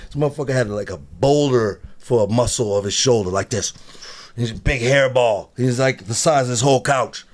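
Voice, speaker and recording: A man telling studio stories in casual podcast chat, animated and laughing often as he acts out what others said. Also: mid-range voice, normal speed. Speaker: studio engineer guest.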